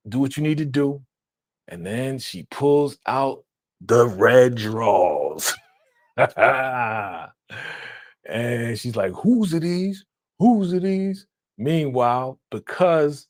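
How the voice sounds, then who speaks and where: A man hosting a casual live-stream reaction, animated and laughing, acting out quotes in a raised voice. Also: lowish voice, no room sound, clean studio sound.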